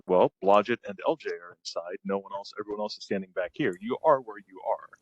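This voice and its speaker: A man with a fairly low voice runs a tabletop game, describing the scene at an easy pace. He fills his pauses with ums and uhs. The recording is dry and a little dull. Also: no echo. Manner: unhurried, frequent ums and uhs. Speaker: game master.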